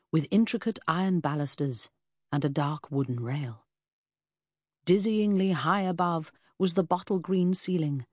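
A woman with a low voice reads a period novel in the first person, unhurried and descriptive with a wry edge. The recording is dry and close, with no room sound. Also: darkish tone, slightly rough, no room sound. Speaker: audiobook narrator. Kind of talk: scripted first-person narration.

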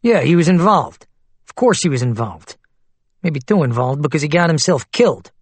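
A male narrator voicing a blustering middle-aged company boss in a storybook reading, talking in loud indignant bursts. His voice climbs high and swings widely as he protests. The sound is close and dry. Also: animated, moderate pace, slightly rough, dry recording. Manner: loud, indignant outbursts, swearing.

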